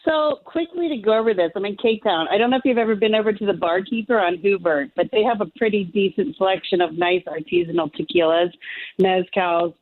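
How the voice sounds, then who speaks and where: A woman's voice: medium pitch, fairly quick. Female radio caller, casual, friendly, phone-line sound. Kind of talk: call-in chat.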